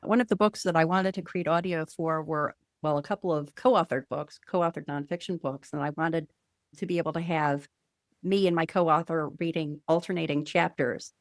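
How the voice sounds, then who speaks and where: Female podcast host, low-ish voice, thoughtful questioner, dry sound. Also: fairly even intonation, moderate pace, dry recording. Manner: asks long, thoughtful questions. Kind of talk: casual interview.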